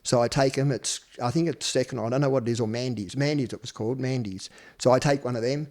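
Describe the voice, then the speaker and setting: Man, 50s, Australian accent, blunt, swears a lot, middle pitch, first-person storytelling interview. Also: fast talker, darkish tone. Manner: blunt, swears freely, acts out quoted speech. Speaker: podcast guest.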